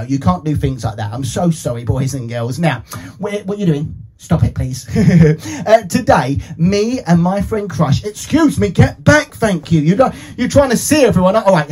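A man hosting a live children's show as an entertainer, energetic and cheering with sing-song shouts, with playful back-and-forth to a puppet. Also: high voice, slightly rough.

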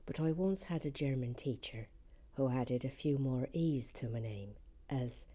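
A woman giving relaxed commentary while building a set, chatty and often slipping into a soft whisper. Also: very deep voice, a little slow.

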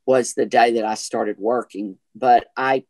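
A man with a strong Southern US accent and a voice he calls gay, talking as an actor guest in an interview. He tells his stories in a chatty, animated way, hopping from thought to thought. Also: mid-range voice, unhurried. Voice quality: self-described gay voice. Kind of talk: casual interview chat.

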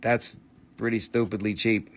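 A man's voice: lowish voice, flat delivery, normal speed, a bit bright. A man hosting a live crystal sale, talking in a jokey, exclamatory patter with muttered asides. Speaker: host selling crystals on a live stream. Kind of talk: live sales stream.

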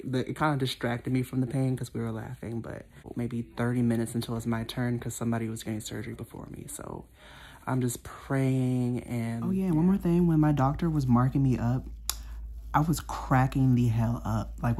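A young woman vlogging casually to camera, chatty and excitable, nervous before her surgery. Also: very deep voice, breathy edge. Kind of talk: casual vlog talking to camera.

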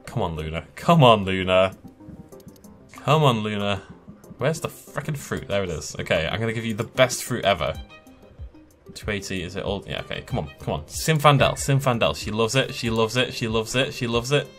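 A man hosting a let's play, giving excitable gaming commentary and laughing often. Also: lowish voice, normal speed. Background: faint game music.

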